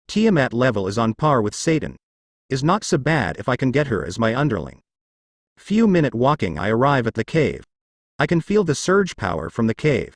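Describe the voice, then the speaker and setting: A man reads a fan story aloud, narrating as its boastful hero. His pitch swings lively through the lines. The recording is dry and close. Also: no echo. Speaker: reader.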